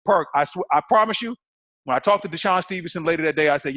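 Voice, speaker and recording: A man co-hosting a podcast, chatting in a lively, slangy way and acting out old exchanges. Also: on the high side, quick pace. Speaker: podcast co-host. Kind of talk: casual interview chat.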